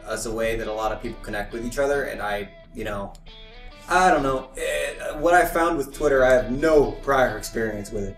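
A young man co-hosting a podcast in casual group chat, rambling and trailing off as he tells about his own habits. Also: mid-range voice. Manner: rambling, tells stories with put-on voices. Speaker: podcast co-host. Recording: roomy, distant mic, guitar music behind.

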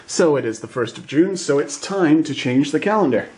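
A man's voice: a little high, animated, normal speed, darkish tone. A man chatting casually for his vlog while driving, rambling with lots of fillers and self-corrections. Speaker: vlogger. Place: inside a car in town traffic. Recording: car and traffic noise behind.

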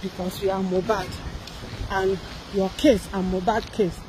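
A woman's voice: mid-range voice, little pitch movement, unhurried, background noise. A young Nigerian woman giving a sarcastic gossip commentary, firing off mocking rhetorical questions. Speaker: celebrity gossip vlogger. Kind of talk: satirical commentary vlog.

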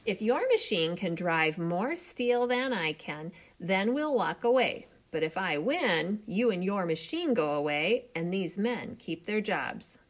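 An earnest, determined steel-driving man, read by a woman in a storybook reading, his voice rising and falling widely. He speaks slowly and with steady purpose. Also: medium pitch, lightly acted. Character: strong, brave working man, steel driver.

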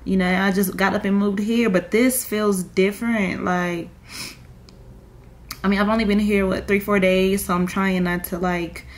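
A woman's voice: medium pitch, fairly even intonation, normal speed. A young woman, crying and rambling in a confessional vlog with many fillers. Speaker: vlogger.

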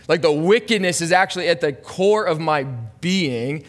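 Man in his thirties, pastor, earnest and confessional, fairly high voice, church hall with long echo. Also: a little fast, hardly any pauses. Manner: earnest, confessional, builds to urgent emphasis. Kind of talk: sermon. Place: church sanctuary.

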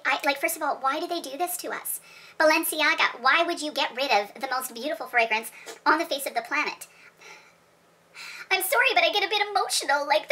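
A woman's voice: sits high, sharp tone, voice pushed up. A woman voicing a gushing, over-the-top female perfume reviewer, dramatic and rambling with restarts.

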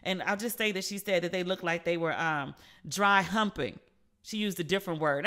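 A woman hosting her own podcast and chatting casually, telling gossipy stories in a lively way and acting out the people she quotes. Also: fairly low pitch, normal speed. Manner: animated, gossipy storytelling with quoted voices. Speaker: podcast host. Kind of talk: casual solo podcast chat.

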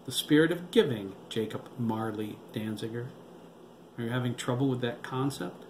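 A man voicing a wry, cultured man who drinks cognac and frets quietly. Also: medium pitch, moderate pace, lightly acted. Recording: roomy with background noise.

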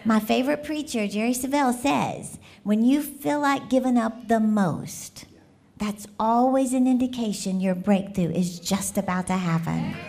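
A woman speaking as a guest preacher in a church, telling a story in a lively, animated way, often laughing and asking the congregation questions. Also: fairly high pitch, measured pace, vocal fry, a little hiss or hum.

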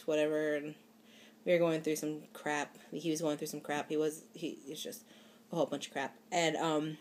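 A woman's voice: deep voice, level tone, normal speed, a little mellow, a little hiss or hum. A young woman, chatting casually to camera in a rambling, giggly way with lots of fillers and restarts. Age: young adult. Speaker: vlogger.

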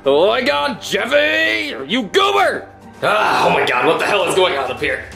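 A man's voice: high-pitched, huge pitch swings, normal speed, creaky, heavily acted. A man voicing a weary middle-aged father who talks in an exasperated, stammering way. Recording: music behind.

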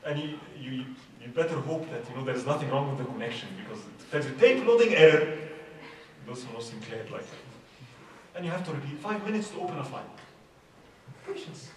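A man's voice: mid-range voice, animated, fast. Middle-aged male speaker, chatty youth talk full of questions; distant mic, noisy hall. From Egypt. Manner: conversational, asks many rhetorical questions. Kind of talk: informal religious talk. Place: large hall at a religious youth event. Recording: echoey hall, far from mic, background noise.

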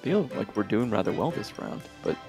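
A man's voice: fairly low pitch, big pitch swings, normal speed, vocal fry, a little mellow, soft background music. A man chatting casually during an online game, goofy and a bit clueless about how it works. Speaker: gamer. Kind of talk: casual gaming chat.

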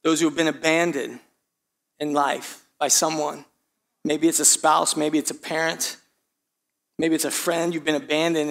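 High-voiced man preaching a sermon. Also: vocal fry, a bit bright. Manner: rhetorical questions, repeats phrases for emphasis. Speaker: pastor. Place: church sanctuary.

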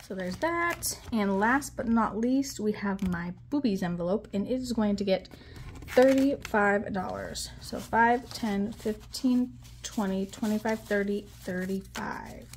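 A woman talking casually to viewers while she counts money out loud, chatty and with frequent ums. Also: mid-range voice, measured pace, slight background noise. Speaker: budgeting vlogger.

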